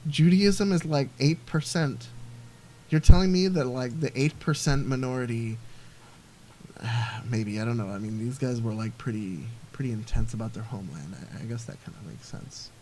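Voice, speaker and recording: A man's voice: medium pitch, normal speed, darkish tone, a little hiss or hum. A man giving casual gameplay commentary, rambling and thinking aloud with lots of fillers. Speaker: let's play host.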